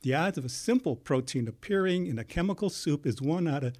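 A man talking as a guest in a studio, explaining things in a measured, step-by-step way. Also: fairly high pitch, expressive, darkish tone.

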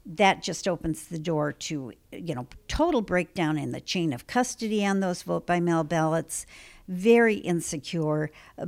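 A woman from Illinois, a guest in a political interview, explaining her points emphatically and punching key words with sudden jumps in pitch. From Illinois, United States. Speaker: election integrity activist guest.

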